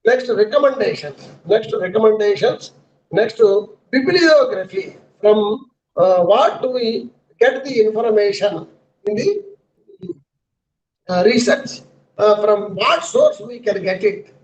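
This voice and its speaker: A man with an Indian English accent lecturing in an online counselling session, halting with many fillers and repeated list items. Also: high-pitched, big pitch swings. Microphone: video call. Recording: dull lo-fi online audio.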